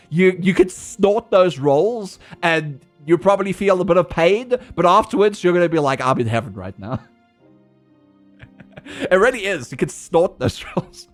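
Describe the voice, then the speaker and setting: A young man with a South African accent chats on a game stream, his voice fairly high and swinging widely in pitch. He rants, swears and laughs freely. Soft music plays underneath. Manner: animated, profane, laughing rants. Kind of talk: casual livestream chat.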